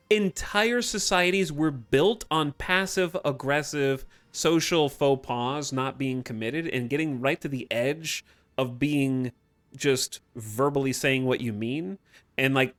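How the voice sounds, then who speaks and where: Brief: male streamer, casual and joking, mid-pitched voice, faint music underneath. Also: no echo. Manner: joking, animated, laughs often. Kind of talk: casual live-stream chat.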